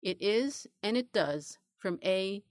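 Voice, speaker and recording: A woman's voice: mid-range voice, expressive, slow pace, no room sound, clean studio sound. A woman voicing an earnest female lizard who wants to be a reporter, speaking in a matter-of-fact way.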